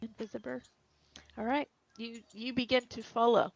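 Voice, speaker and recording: A woman's voice: on the high side, level tone, moderate pace, creaky, no echo, soft background music. A woman running a tabletop game as game master, narrating descriptively with fillers and restarts. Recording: dull, lo-fi dry recording.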